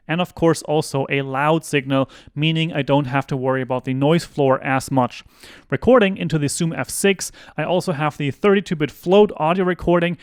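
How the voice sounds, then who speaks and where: A man's voice: a little high, clean tone. A man reviewing microphones into a handheld vocal mic, explaining each test in a methodical way. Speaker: tech reviewer.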